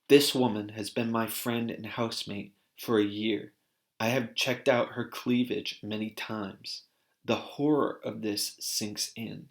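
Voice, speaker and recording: A man reading aloud a personal essay he wrote, earnest and deliberate. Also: fairly low pitch, fairly even intonation, vocal fry. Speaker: author reading his own article.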